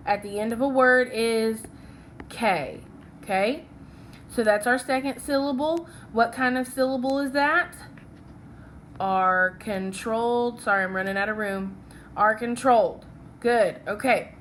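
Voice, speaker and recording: A young woman teacher leading a phonics lesson, talking slowly and checking in often with "okay?" as she writes along. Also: a little high, fairly bright tone, a little hiss or hum. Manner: slow, patient, checks in with "okay?".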